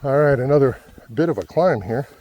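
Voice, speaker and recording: A man's voice: medium pitch, lively intonation, fairly quick, muffled recording. A man talking casually while hiking a desert trail, out of breath and joking at his own expense. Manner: chatty, self-deprecating. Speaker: vlogger.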